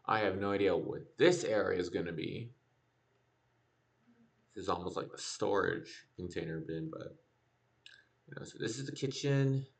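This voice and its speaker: Deep gravelly streamer, rambling. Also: male voice, moderate pace, long pauses. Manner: rambling, thinking aloud. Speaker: game streamer. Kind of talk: casual gameplay commentary. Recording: distant mic, loud background noise.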